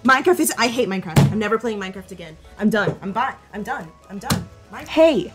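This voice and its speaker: A young woman giving casual, joking commentary while playing a video game, sarcastic and quick to laugh and cry out. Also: mid-range voice, over loud music. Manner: playful, sarcastic, laughs often, loud outbursts. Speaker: gamer.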